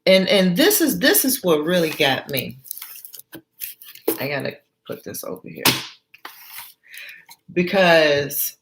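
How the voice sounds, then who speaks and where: A woman doing motivational storytelling in an animated way, with chatty asides to her viewers. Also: lowish voice.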